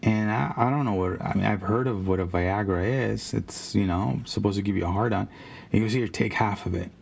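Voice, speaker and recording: A man's voice: lowish voice, a little fast, gravelly, darkish tone. A man casually telling a rambling, profane story about his days as a car salesman. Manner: rambling, profane, with frequent restarts.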